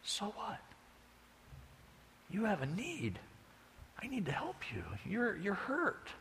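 A man voicing a kind, plain-spoken helper who speaks softly and casually, with long hall reverb behind him. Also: high-pitched, wildly swooping pitch, slow pace, a little hiss or hum, pitched above the performer's own voice, full character voice. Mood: gentle. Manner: soft, gentle, informal.

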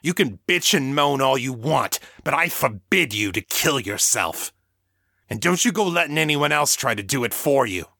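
A crude, domineering vampire master snarls threats and curses at his victim, as a narrator puts him on. His delivery is forceful and bright, pushing hard on every insult. The recording is close and dry. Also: mid-range voice, animated, normal speed, no echo, pitched above the performer's own voice. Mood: commanding. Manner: snarling, profane, bullying. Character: brutal male vampire sire, crude and domineering.

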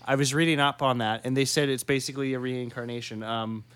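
A man co-hosting a casual podcast, talking in a rambling, halting way and laughing often. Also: mid-range voice, steady tone, fairly bright tone, clean tone. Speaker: podcast co-host.

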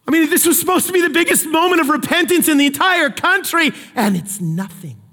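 A man preaching a sermon as a pastor, telling the story with animated, emphatic delivery. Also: very high voice, brisk. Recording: long hall reverb.

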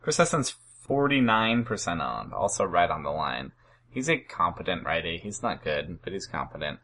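A man's voice: low-pitched, sing-song, moderate pace, a bit bright, slight background noise. A man co-hosting a casual fantasy baseball podcast, dry and teasing, with a mild Oregon accent. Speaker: podcast co-host.

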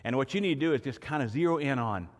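A man's voice: mid-range voice, animated, quick pace, in a large hall, a little hiss or hum. A pastor giving a sermon to his congregation in a church, preaching earnestly and building to emphatic points. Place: church sanctuary.

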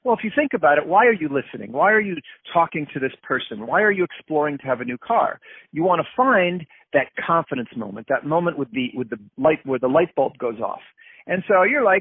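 A man's voice: on the high side, very animated, brisk, breathy edge, no echo. Man explaining over a tinny phone line. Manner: explains with acted-out everyday examples. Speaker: guest. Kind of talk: casual interview talk.

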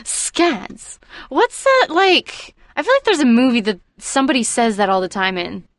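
Bubbly young woman, bright and laughing. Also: fairly high pitch, very animated, brisk, no echo. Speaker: podcast co-host. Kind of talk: casual podcast chat.

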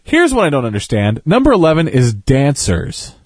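A man reading off a list in casual podcast chat, reacting with big jumps in pitch as he gets worked up. His voice is very lively and recorded dry, close to the mic. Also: normal speed, husky, no echo. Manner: reads out a list, jumps up in pitch when excited.

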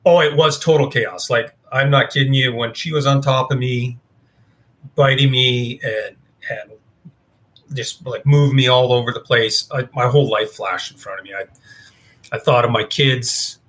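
Bright-voiced man telling a story. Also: mid-range voice, steady tone, normal speed. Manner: casual, rambling, with many fillers. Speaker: interview guest. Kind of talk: storytelling in conversation.

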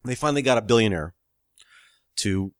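In a casual podcast chat, a man with a lowish, expressive voice tells a long anecdote about his screenwriting work, talking a little fast. He laughs often and acts out quoted phone calls, and the recording is clean and studio quality with no echo.

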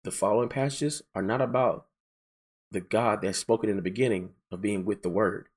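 A man teaching verse by verse through scripture, emphatic and repetitive, slowing down to read passages aloud. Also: lowish voice, steady tone, husky. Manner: emphatic, repeats key phrases, slows down to read scripture aloud. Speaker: preacher.

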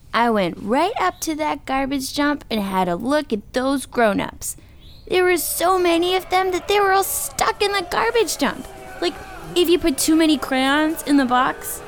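A woman telling a children's story with dramatic sound effects and shouted chants. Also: sits high. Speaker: guest storyteller.

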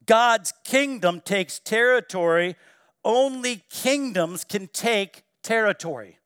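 A man preaching a sermon in church, swinging between loud exclamations and hushed, quiet quoting. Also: high-pitched, expressive, slow pace, clean tone, no echo, studio quality. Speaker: pastor. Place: church sanctuary.

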